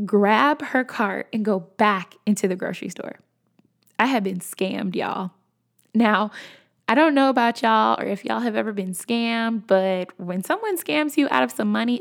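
A young woman hosts her podcast and tells a personal story in relaxed, conversational storytelling. Her voice has a gravelly, fry-tinged texture. She talks with animated energy and addresses her audience directly. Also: medium pitch. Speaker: podcast host. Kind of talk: casual storytelling.

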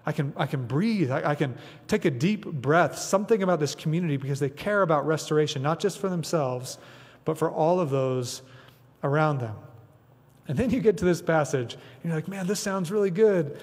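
A man's voice: fairly high pitch, expressive, normal speed, breathy edge, big-room sound. A man preaching a sermon as pastor, chatty and conversational with frequent asides. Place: church sanctuary.

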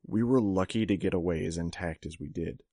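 Male reader as a blunt, deep-voiced young tough in an audiobook, dry sound. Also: fairly quick, warm tone, dry recording. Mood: gruff. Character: gruff wounded young male fighter. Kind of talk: audiobook character voice.

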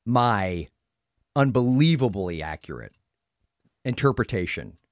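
A man's voice: fairly low pitch, sing-song, measured pace, no room sound, studio quality. An American man hosting a podcast in casual chat, joking and laughing often. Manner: jokey, laughs often, bursts into silly voices. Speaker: podcast host.

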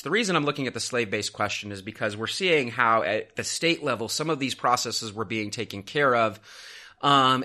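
A man hosts a history podcast with an animated, sarcastic storytelling style. His voice is bright and edgy in a middle register. He talks casually and jokes between points. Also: medium pitch.

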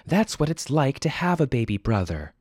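A man voicing a stern, exasperated young mother who scolds her son in a high, emphatic voice. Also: sing-song, normal speed, darkish tone, no echo, studio quality, exaggerated voice. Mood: scolding.

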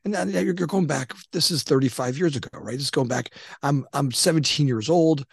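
A man's voice: on the high side, brisk, vocal fry, breathy edge, no echo, clean studio sound. A man in his fifties, a guest on a podcast interview, telling his story in a rambling way with many restarts and fillers. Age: 50s. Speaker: guest entrepreneur.

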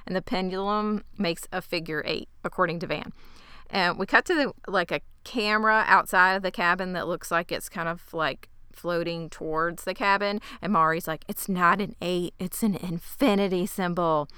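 Woman, lower voice, very crisp and clear, bright tone, casual recap, dry close sound. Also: steady tone, no room sound. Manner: casual, swears, quick asides.

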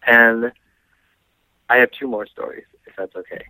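A man's voice: mid-range voice, fairly even intonation, normal speed, sharp tone, no echo, poor audio. A young man casually telling funny stories about a friend, chatty and laughing as he goes. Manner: chatty, laughs while telling, frequent restarts. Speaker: guest storyteller. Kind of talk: casual storytelling.

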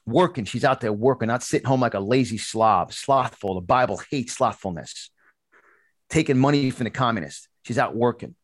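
A man hosting a talk show, telling a long story in an animated, preachy way, often restarting his sentences. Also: mid-range voice, normal speed, dry recording. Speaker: podcast host and conservative speaker. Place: studio.

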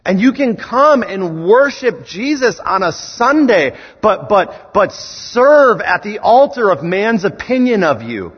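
Husky, animated male preacher in a hall. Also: high voice, takes it slowly, few pauses. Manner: emphatic, rhetorical questions, rising to rallying calls. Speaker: student ministries director preaching. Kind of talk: sermon. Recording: echoey hall, dull lo-fi sound.

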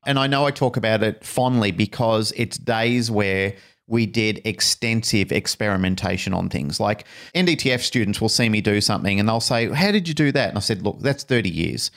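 A man's voice: lowish voice, steady tone, normal speed, a bit bright. A man co-hosting a podcast, speaking in a reflective and reminiscing way about his experience as a dog trainer. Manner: reflective, reminiscing, backs up his co-host with short agreements. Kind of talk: casual podcast chat.

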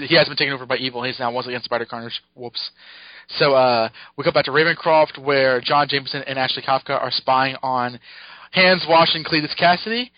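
Excited man recapping comics, dull mic. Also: on the high side, dry recording. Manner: excited, laughs often, acts out quotes. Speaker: podcast co-host. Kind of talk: casual chat, recapping a comic.

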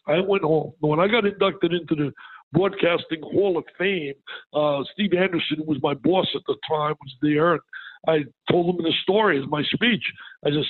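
An older man tells his stories with energy and acts out the quoted voices. His voice is husky and a little high. It comes over a thin, phone-like line. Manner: animated, energetic storytelling with quoted dialogue. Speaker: guest, basketball broadcaster. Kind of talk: storytelling interview.

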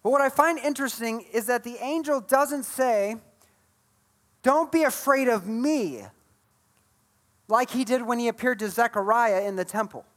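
A man with a high, light voice delivers a sermon to his congregation. He tells the Bible story with animated energy, slipping into the voices of the people in it. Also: brisk, few pauses. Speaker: pastor.

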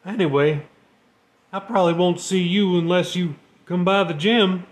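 Man reading as a gruff, regretful navy sailor. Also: sits high, steady tone, normal speed, voice pushed up, close to an everyday voice. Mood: resigned. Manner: plain-spoken, slangy, shaky with regret. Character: remorseful demoted male navy sailor, gruff.

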